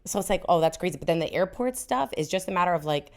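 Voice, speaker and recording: A woman in her thirties chats on a podcast in a fairly low voice. She is candid and swears freely. She acts out the scenes of her stories with plenty of animation. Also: expressive, quick pace, hardly any pauses. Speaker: podcast co-host. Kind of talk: casual chat.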